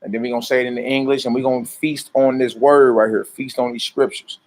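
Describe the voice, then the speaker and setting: A man's voice: mid-range voice, flat delivery, fast, darkish tone. A man in a mid-range voice leads a casual livestream sermon. He talks to his viewers in loose street slang, greets them by name and drifts easily between chat and scripture. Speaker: minister teaching scripture.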